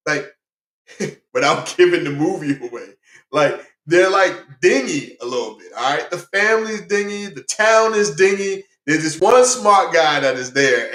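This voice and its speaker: Man, slightly high voice, chatty reviewer who rambles, echoey room. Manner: rambling and excitable, many fillers and restarts. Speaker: movie reviewer. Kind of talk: casual movie review.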